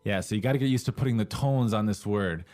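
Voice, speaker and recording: Man, mid pitch, relaxed lesson co-host who asks guiding questions. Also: fast talker. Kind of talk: language lesson.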